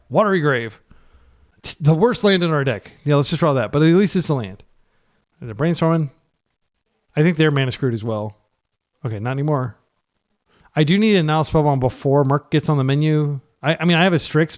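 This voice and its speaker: Here a man with a mid-range voice, a card player and channel host, narrates his online card game in a relaxed, running way. Excitement builds, he pleads with his deck, and frustration sends his voice jumping up.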